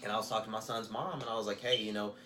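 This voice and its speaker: A man's voice: on the low side, steady tone, racing, sharp tone, slight background noise. A man co-hosting a podcast, talking earnestly and reflectively in casual chat. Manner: earnest, reflective, quotes others in raised voice. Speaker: podcast co-host.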